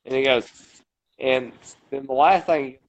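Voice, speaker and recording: On a casual podcast, a male co-host rambles through a long story, cursing frequently. His voice is medium-pitched and a little slow, and the podcast audio sounds dull and lo-fi.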